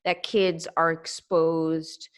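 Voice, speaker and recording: A woman's voice: low-pitched, little pitch movement, very slow, smooth. A woman hosting a casual chat, enthusiastic and blunt, swearing casually. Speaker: host.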